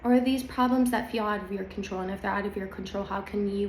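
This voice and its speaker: Chatting quickly and emphatically, this woman opens up to her viewers about spiritual growth in a relaxed talk to camera. Her medium-pitched voice has fairly even intonation, and the echoey room carries faint ambience along with slight hiss or hum.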